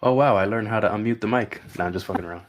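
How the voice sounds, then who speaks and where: A man in a casual group talk who speaks haltingly and swears casually, emotional and close to tears. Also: on the low side. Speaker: coach.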